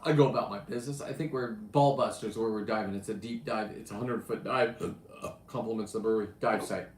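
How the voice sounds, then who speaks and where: A man's voice: lowish voice, steady tone, brisk, reverberant. A man hosting a show, telling brash, profane diving stories in a boastful, swinging voice. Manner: brash, profane and boastful, swinging between loud bursts and mutters. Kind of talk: profane casual storytelling.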